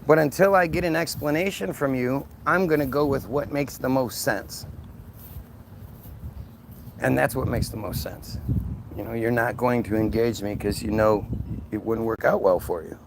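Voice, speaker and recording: A man's voice: mid-range voice, moderate pace, gravelly, noisy background. A man hosting a solo livestream, talking in a combative, sarcastic way to a rival and his viewers. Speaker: livestream host.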